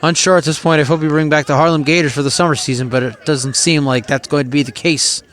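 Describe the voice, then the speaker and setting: A male play-by-play announcer calling a football game live from the stadium. His voice sits on the higher side and comes across smooth and resonant. He chats freely between plays and keeps voicing puzzlement at the coaching decisions. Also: fairly even intonation, quick pace, a bit bright. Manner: chatty, openly puzzled by the coaching.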